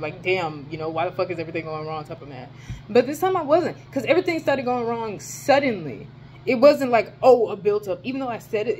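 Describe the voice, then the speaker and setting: A young woman telling a rant in a casual vlog from her dorm, animated and profane, her voice jumping high when she exclaims. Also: a little hiss or hum. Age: young adult. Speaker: vlogger.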